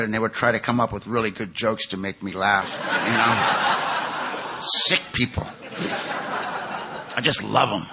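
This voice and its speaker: An older man from California telling his recovery story at a twelve-step conference, candid and self-mocking, moving between hushed and loud. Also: on the low side. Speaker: recovery speaker.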